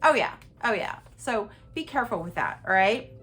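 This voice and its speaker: A woman hosting a podcast, telling a personal story in an animated, emphatic way and talking straight to her listeners. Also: medium pitch, moderate pace, soft background music. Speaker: podcast host.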